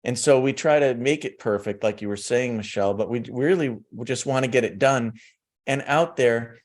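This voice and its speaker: A man's voice: mid-range voice, normal speed. A man co-hosting a marketing podcast, speaking in an earnest, reflective way. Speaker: podcast co-host. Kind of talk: casual chat.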